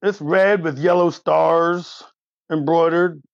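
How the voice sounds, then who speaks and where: Gravelly man in his forties narrating. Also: a little high, steady tone, slow, no echo. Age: 40s. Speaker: game master. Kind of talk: narrating a tabletop game. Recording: dull lo-fi dry mic.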